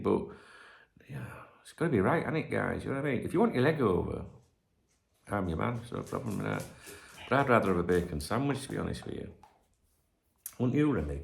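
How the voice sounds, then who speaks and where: Gravelly Northern English man, rambling. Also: low voice. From north of England. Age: 40s. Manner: rambling, sweary and jokey. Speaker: channel host. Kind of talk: casual livestream chat. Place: at home.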